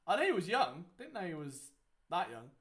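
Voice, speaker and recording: With huge pitch swings in a high-pitched, fairly bright voice at normal speed, a young male host runs a casual watchalong. His live game commentary rambles along chattily, crowded with fillers.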